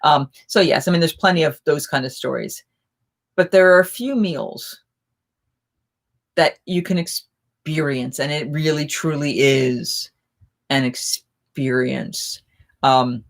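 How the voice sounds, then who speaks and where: Brief: chatty woman host, lower pitch, animated rambling storyteller. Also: slow pace, creaky, long pauses. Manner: rambling, animated anecdote telling. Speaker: live chat host. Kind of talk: casual storytelling chat.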